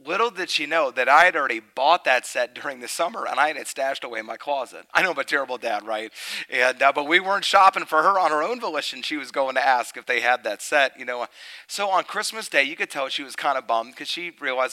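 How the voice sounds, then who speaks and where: A middle-aged man preaching a sermon. He tells a family story, then turns loud and emphatic. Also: medium pitch, fairly quick, poor audio.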